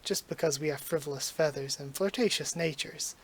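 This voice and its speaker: A vain young male peacock working a dull civil-service job, soft-spoken and melancholy, as a man reads him from a manga. He sounds subdued, his voice sitting a little high. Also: a little fast, breathy edge.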